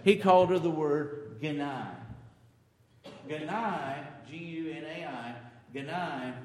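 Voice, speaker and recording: Man preaching in an echoey hall. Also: fairly high pitch. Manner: dynamic preaching, swinging from loud emphasis to quiet asides. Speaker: pastor. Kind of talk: sermon.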